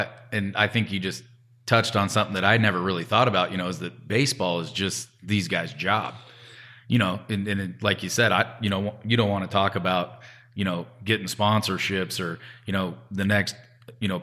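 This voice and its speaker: A man co-hosting a podcast, chatting casually and haltingly, filling pauses with "you know". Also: sits low, bright, forceful tone. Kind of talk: casual chat.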